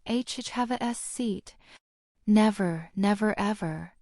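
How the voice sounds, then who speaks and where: A woman's voice: medium pitch, takes it slowly, darkish tone, no echo, studio quality. A woman voicing a timid, servile male house elf who speaks of himself in the third person, read as an audiobook character. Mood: anxious pleading.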